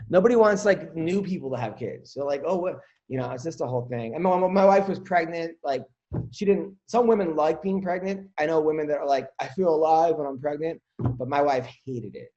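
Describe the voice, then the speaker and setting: Male podcast host, comic and rambling, slightly high voice. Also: animated, a little fast, a little mellow, muffled recording. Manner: joking, rambling, swears. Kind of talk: casual comedic chat.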